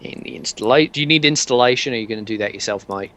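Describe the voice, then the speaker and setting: A man's voice: mid-range voice, rapid-fire, a bit bright, highs cut off, close to an everyday voice. A man voicing a chummy male security-shop owner in a put-on British accent, stumbling over his words and calling everyone mate. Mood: chummy salesman.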